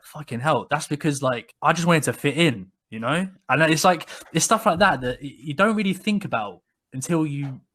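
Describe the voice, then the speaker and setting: A man, co-hosting a podcast and telling stories in casual chat, with frequent restarts and animated retelling. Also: medium pitch. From England. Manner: rambling, many restarts, animated when quoting people. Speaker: podcast co-host. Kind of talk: casual conversational storytelling.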